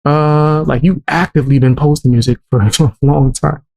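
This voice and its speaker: A man's voice: fairly high pitch, fairly even intonation, moderate pace, vocal fry, darkish tone. A man reacting to music clips on a stream, blunt and mocking, swearing often. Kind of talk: casual reaction stream commentary.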